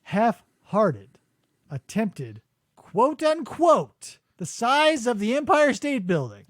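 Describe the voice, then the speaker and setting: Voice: mid-range voice, big pitch swings, takes it slowly, dry recording. A podcast host riffing sarcastically in casual comedic chat, breaking into impressions, on a studio microphone.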